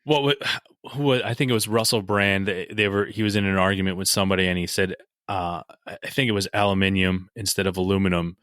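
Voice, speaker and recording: A man hosting a relaxed interview, enthusiastic and loose with his swearing. His voice sits fairly low, and the sound is close and dry, with no room around it. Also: fast, clean tone, no room sound. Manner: casual, enthusiastic, swears freely. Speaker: podcast host. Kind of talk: casual podcast interview.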